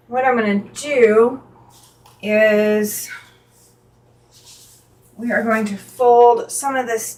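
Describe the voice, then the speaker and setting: A middle-aged woman chatting casually on a live stream as she lays out quilt blocks in her sewing room, reading viewer comments aloud and thinking out loud as she works. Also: a little high, low-quality recording. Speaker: quilting channel host.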